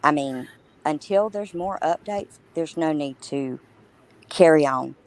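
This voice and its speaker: A woman's voice: low-pitched, measured pace, poor audio. A woman co-hosting a casual true crime livestream, talking emphatically and indignantly with many restarts.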